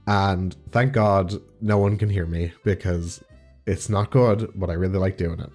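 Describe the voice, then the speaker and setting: Young man, deep mellow voice, slightly stuffy, gushing and rambling in a casual Q&A chat. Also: a little slow, faint music behind. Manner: rambling, excitable, lots of "like". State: slightly congested from allergies. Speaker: audio roleplay creator.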